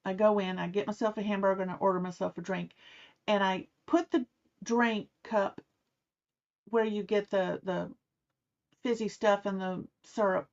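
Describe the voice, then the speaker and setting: A woman's voice: medium pitch, steady tone, normal speed, pauses often. A middle-aged woman telling a personal story in a casual way, acting out the people she quotes. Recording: slightly muffled, dull sound.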